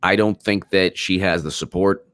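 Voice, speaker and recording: A man with a low, deep voice runs a political live stream, speaking emphatically and often repeating his points. He stops to answer viewer comments. The sound is dry and close, with no room echo. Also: fairly even intonation, moderate pace, fairly bright tone. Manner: emphatic, repeats himself, reads super chats aloud.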